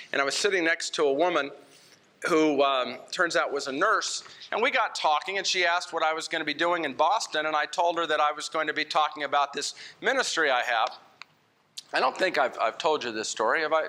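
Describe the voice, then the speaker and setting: A man's voice: sits high, sharp tone. A man preaching a sermon in a church, conversational and telling stories with quoted dialogue. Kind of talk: sermon with storytelling.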